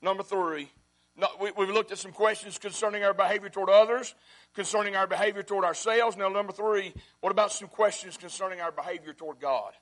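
A man preaching a sermon as pastor, repeating his phrases and swinging between loud and hushed. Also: sits high, steady tone, a little fast.

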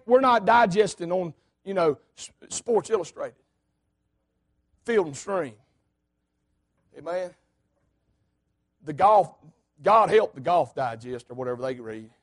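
A man preaching a fiery sermon, swinging between hollering and low asides.

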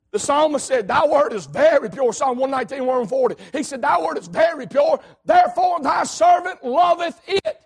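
High raspy preacher man. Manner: emphatic preaching, swings between hollering and low asides. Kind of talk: fiery sermon.

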